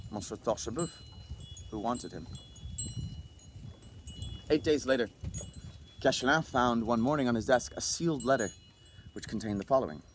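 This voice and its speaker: A man reading a classic short story aloud as narrator, in an expressive manner. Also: medium pitch, a little hiss or hum.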